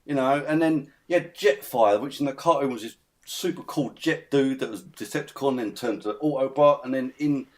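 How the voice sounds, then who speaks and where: Appearing as a guest on a casual podcast, a man rants, swearing often and bursting into laughter midway through. His voice is a little high and somewhat mellow.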